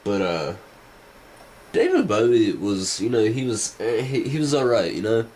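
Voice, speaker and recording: A man's voice: on the low side, huge pitch swings, measured pace, darkish tone, low-quality recording. A man vlogging casual rambling commentary, hesitant and full of restarts. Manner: hesitant, many fillers and restarts.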